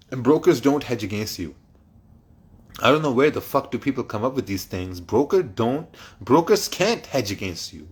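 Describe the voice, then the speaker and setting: A man's voice: mid-range voice, breathy edge. A man hosting a trading livestream, reading chat questions aloud and answering them bluntly, with plenty of swearing and laughter.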